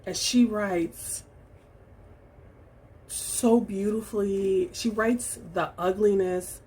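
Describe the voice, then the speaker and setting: A woman talking through her recent reading in a casual vlog, reflective and halting, with many fillers and restarts. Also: medium pitch, fairly even intonation, a little mellow, breathy edge. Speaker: book vlogger. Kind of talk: casual book review vlog.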